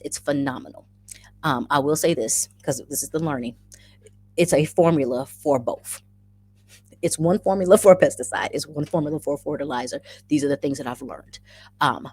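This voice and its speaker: A woman's voice: sits low, a little mellow, slightly rough, no room sound. A woman hosting a casual livestream, effusively greeting viewers by name and chatting through the comments, often repeating her phrases. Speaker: livestream host.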